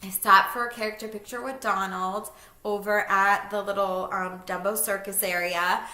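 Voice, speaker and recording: A woman's voice: mid-range voice, fairly even intonation, moderate pace, bright, forceful tone, echoey room. A woman in her thirties, a vlogger, telling a personal story in a casual, chatty way with fillers and small laughing asides.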